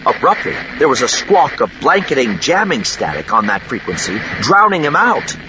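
A man narrating an audiobook in an expressive, dramatic reading. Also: mid-range voice, normal speed. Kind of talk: scripted narration. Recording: dull lo-fi with steady noise.

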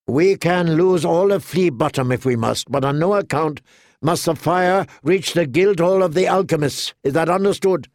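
Weary, sharp-tongued lord, barking orders, voiced by a man. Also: fairly high pitch, moderate pace, no echo, clean studio sound, pitched above the performer's own voice, close to an everyday voice. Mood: commanding. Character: small, sharp-tongued nobleman, commanding and weary.

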